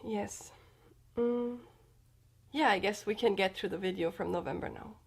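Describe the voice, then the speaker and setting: A sick woman vlogger talking in a subdued, slightly sedated way, halting and restarting as she speaks from the floor at home. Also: mid-range voice, gravelly, breathy edge. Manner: halting, hesitant, with many restarts. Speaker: comedian and vlogger. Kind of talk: personal confessional vlog. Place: indoors, sitting on the floor with pillows.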